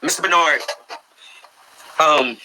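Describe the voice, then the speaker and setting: A man's voice: fairly high pitch, slow pace, sharp tone, slight background noise, poor audio. A man hosting an interview, outraged and emphatic as he asks questions. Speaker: interview host. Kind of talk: emotional interview talk.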